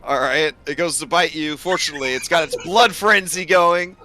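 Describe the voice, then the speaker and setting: Male game master, bright and rambling, with plenty of fillers while he narrates. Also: fairly high pitch, moderate pace. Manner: rambling, full of fillers and restarts.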